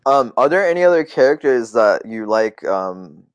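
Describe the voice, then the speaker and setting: A man chatting on a casual podcast, relaxed and reflective, who swears casually and sometimes slows down to make an earnest point. His voice sits at a middling pitch, and the recording is close and dry. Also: clear, resonant tone, dry recording. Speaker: podcast co-host.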